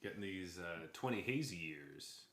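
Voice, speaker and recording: A man co-hosting a podcast in casual chat, excitable and quick to laugh. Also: deep voice, roomy sound. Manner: excitable, enthusiastic, laughs often. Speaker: podcast co-host.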